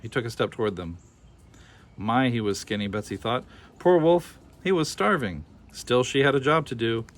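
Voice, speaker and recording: A man reading a children's picture book aloud with expressive, animated storytelling. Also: mid-range voice, normal speed. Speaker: storybook reader.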